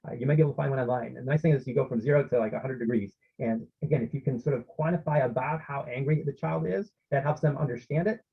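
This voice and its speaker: A man's voice: medium pitch, fast, vocal fry, few pauses, slightly rough, lo-fi sound. A man presenting an online parenting workshop, explaining steps and often checking in with his listeners.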